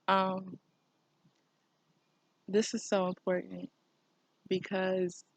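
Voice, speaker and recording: A woman's voice: on the low side, creaky, darkish tone, no room sound, muffled recording. A woman talking candidly to camera in a personal vlog, reflective and meandering. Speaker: vlogger.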